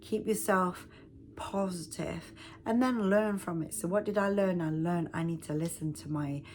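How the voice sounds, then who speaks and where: A woman's voice: fairly low pitch, normal speed, a little mellow, slight background noise. A woman, a self-help speaker, telling a personal story in a casual, rambling way with frequent restarts.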